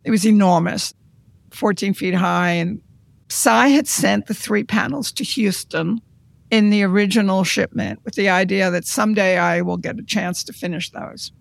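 An art conservator recounting their career in an interview, in a measured, reflective storytelling manner. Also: medium pitch, gravelly, no room sound.

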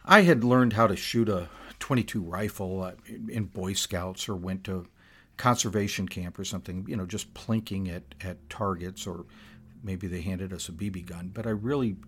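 Older man telling stories, low voice. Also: moderate pace, breathy edge. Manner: conversational with frequent restarts and asides. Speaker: podcast host. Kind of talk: casual personal storytelling.

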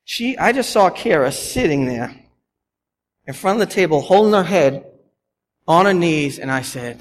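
Brief: male pastor, 30s, storytelling sermon voice, slightly high, long church echo with faint hiss. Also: normal speed, pauses often. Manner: animated, storytelling with lively asides. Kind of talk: conversational sermon. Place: church sanctuary. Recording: long church reverb, faint background noise.

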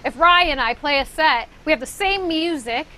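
A woman's voice: sits high, animated, normal speed, sharp tone, rough recording. A woman speaking as a DJ guest on a panel, telling a personal story earnestly and with animation. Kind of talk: casual panel discussion.

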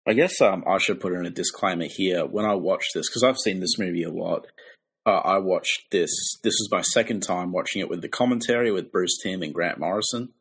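Husky low-voiced man chatting. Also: brisk. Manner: relaxed, hesitant with fillers. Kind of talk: casual podcast chat.

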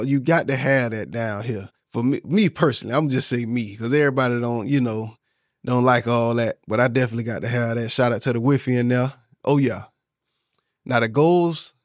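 A man's voice: mid-range voice, no room sound, studio quality. A man in his thirties from Florida with a Southern accent, hosting a casual solo podcast in slangy, laid-back banter. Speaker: podcast host.

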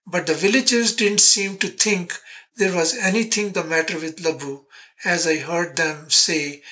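A narrator reading a literary story aloud in the first person, measured and reflective. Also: mid-range voice, sharp tone, rough recording.

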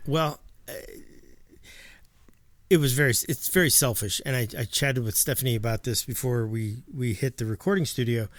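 A man co-hosting a casual podcast, talking at a middling pitch. He sounds earnest and a little halting, with lots of quick agreeing interjections. The sound is dry and close-miked. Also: dry recording. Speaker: co-host. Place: home studio in a basement closet.

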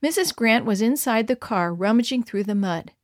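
A woman narrating a story in a clear, expressive read-aloud manner. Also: fairly high pitch, moderate pace, dry recording, clean studio sound. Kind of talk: scripted narration.

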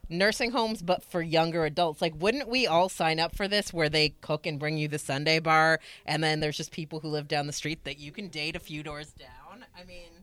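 A woman hosting a podcast in casual group chat, steering the talk with brisk, teasing remarks. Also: sits low, fairly even intonation, fairly bright tone. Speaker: podcast host.

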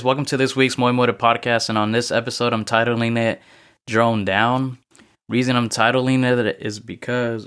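A man's voice: fairly low pitch, fairly bright tone, clear, resonant tone. A young man hosting his own casual podcast, a little out of breath, telling a story in a rambling way with frequent restarts. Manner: rambling and self-correcting storytelling. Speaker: podcast host. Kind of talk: casual solo motivational podcast talk.

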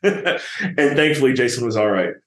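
A man's voice: medium pitch, animated, moderate pace, a bit bright, echoey room, a little hiss or hum. A man hosting a casual interview in a friendly manner, laughing easily. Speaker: podcast host.

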